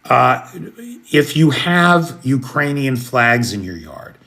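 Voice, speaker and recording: An American man hosting a late-night livestream, chatting casually and greeting viewers by name. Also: mid-range voice. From United States. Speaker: livestream host. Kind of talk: casual live chat, answering viewers.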